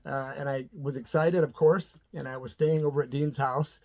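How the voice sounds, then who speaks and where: A man's voice: mid-range voice, fairly even intonation, normal speed, a little mellow. A middle-aged man from the American Midwest telling a rambling, casual story to his channel viewers, full of fillers and asides. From Midwestern United States. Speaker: channel host.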